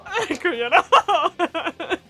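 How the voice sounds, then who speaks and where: A woman's voice: very high voice, lively intonation, extremely slow, sharp tone, faint music behind. A woman streamer giving gushing live-stream reaction commentary, laughing often between her remarks.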